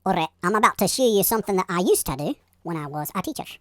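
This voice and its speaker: A man's voice: high voice, quick pace, no echo, pitched above the performer's own voice. Man putting on a jokey scottish accent, bouncy up-and-down voice, dry sound. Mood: showing off. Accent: put-on Scottish. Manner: lively, teasing, demonstrative. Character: playful mock-Scottish man, teacherly show-off.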